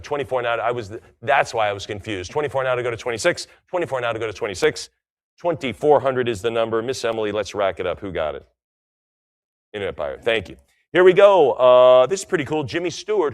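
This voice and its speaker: A middle-aged man working as an auctioneer, rattling off repeated bid calls at a live auction and dropping in chatty, enthusiastic asides between them. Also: mid-range voice.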